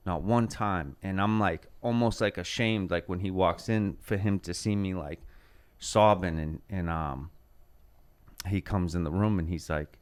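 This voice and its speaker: A man's voice: sits low, steady tone, measured pace, clean tone. A man in his thirties, a podcast host, telling a rambling heartfelt story in casual chat and swearing freely.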